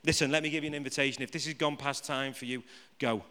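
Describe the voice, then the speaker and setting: A man's voice: mid-range voice, steady tone, fast talker, sharp tone. A man preaching a live sermon to a congregation. He jokes with the room and keeps asking it rhetorical questions. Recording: reverberant hall.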